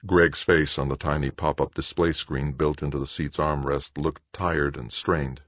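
A man reading a novel aloud in steady, measured audiobook narration. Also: very deep voice, no room sound.

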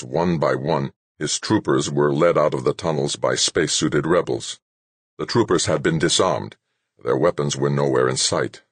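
A man's voice: very deep voice, breathy edge, no echo. A man narrating an audiobook with dramatic, tense storytelling.

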